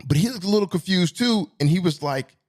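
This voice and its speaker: A man's voice: sits high, animated, fairly quick, darkish tone. A man hosting a podcast, telling stories in a casual, rambling monologue and laughing at his own jokes. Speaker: podcast host.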